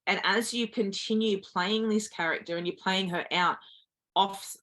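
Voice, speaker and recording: A woman's voice: mid-range voice, steady tone, unhurried, fairly bright tone. A woman giving a motivational mindset talk as a coach, earnest and encouraging, acting out inner voices.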